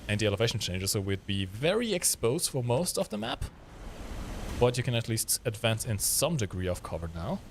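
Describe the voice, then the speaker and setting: Lively, teasing male stream co-host. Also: mid-range voice, normal speed, vocal fry, slight background noise. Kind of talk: live gameplay stream commentary.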